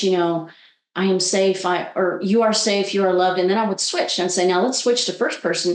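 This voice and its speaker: A woman coach sharing a story in an animated, conversational way, acting out the voices she quotes. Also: mid-range voice, reverberant. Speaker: guest coach.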